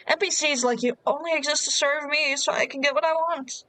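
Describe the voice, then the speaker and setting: A woman voicing an arrogant male high-school bully, reading his taunting lines from a dating game. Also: steady tone, fairly quick, pushed and bright, no room sound. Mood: menacing. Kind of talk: reading a game's lines aloud.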